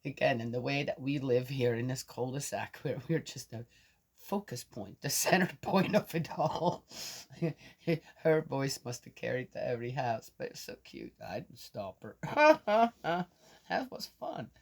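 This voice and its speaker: A woman's voice: a bass voice, lively intonation, a little slow, gravelly. An older woman talks casually to her viewers in a rambling, chatty way. She drifts from one thought to the next and breaks into laughter often. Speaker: vlogger. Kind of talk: casual chat to camera.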